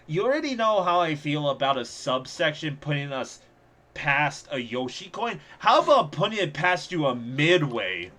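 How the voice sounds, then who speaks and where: Animated young man streaming a game. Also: fairly high pitch. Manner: animated, sarcastic, quick reactions with laughs. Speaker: streamer playing a level contest. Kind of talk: live gameplay commentary.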